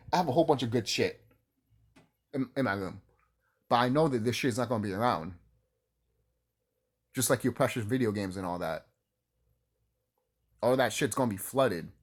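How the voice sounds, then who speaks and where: Casual ranter, male, sarcastic and fired up, cursing often, swinging voice. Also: medium pitch. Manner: heated, sarcastic, swears a lot, repeats himself. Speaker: YouTuber ranting about video games. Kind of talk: casual rant to camera.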